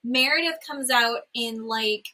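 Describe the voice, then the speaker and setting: A woman co-hosts a chatty podcast with a bright, forceful tone pitched a little high. She retells scenes in an animated way and slips into quoted voices. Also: a little slow, low-quality recording. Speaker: podcast co-host. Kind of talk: casual chat recapping a reality show.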